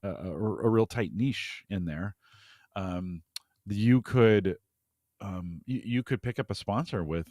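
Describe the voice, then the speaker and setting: A man's voice: on the low side, takes it slowly, darkish tone, no echo, clean studio sound. A man co-hosting a podcast in casual chat, easygoing and chuckling, with frequent restarts. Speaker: podcast co-host.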